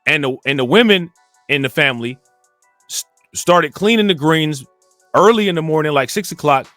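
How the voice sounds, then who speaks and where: A man from Cleveland rambles through a casual commentary. His voice sits fairly high and sounds dry and close, with faint music underneath. He leans on filler phrases and climbs in pitch when he gets indignant. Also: animated, moderate pace, a bit bright, dry recording. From Cleveland, Ohio. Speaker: commentary channel host.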